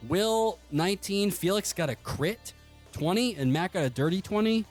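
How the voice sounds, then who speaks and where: A man's voice: high-pitched, lively intonation, normal speed, soft background music. Man, game master, tabletop narration, rambling, lots of uhs and laughs. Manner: rambling, full of fillers and laughter.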